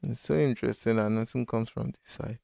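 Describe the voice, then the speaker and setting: A man's voice: medium pitch, steady tone, quick pace, gravelly, mellow, no room sound, clean studio sound. A man hosting a casual live-stream design tutorial, talking loosely and thinking aloud with many fillers. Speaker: design instructor.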